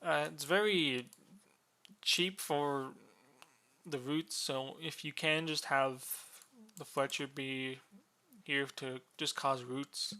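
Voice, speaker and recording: Man, bright tone, smooth clear voice, laid-back rules walkthrough, lots of uhs. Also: medium pitch, slow. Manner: relaxed, many fillers, yawning. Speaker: game designer explaining a unit. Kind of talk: casual explainer of board game rules.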